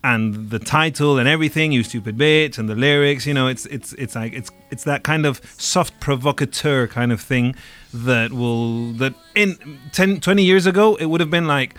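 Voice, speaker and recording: A man casually reviewing a pop album, talking in halting restarts and fillers. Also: mid-range voice, fairly bright tone. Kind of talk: casual music review chat.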